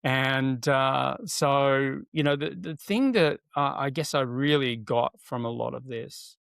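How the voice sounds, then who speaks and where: A middle-aged man, a guest telling stories in a casual interview, animated, with many fillers and restarts, acting out what people said. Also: medium pitch, takes it slowly, vocal fry, smooth, no echo. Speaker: guest, NLP trainer.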